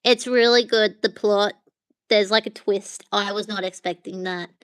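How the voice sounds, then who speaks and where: A woman streams live from her phone, chatting to viewers in a loose, rambling way. Her voice is bright and crisp. The sound is close and dry. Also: medium pitch, fairly even intonation, measured pace, dry recording. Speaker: livestream host. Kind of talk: casual livestream chat with viewers.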